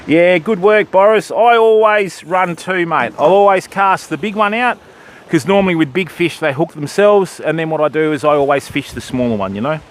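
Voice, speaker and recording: Aussie fishing streamer, matey banter, animated and fairly high-pitched. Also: male voice. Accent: Australian. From Australia. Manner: chatty, matey, answering viewers. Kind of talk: casual live-stream chat. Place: beach at dawn, outdoors.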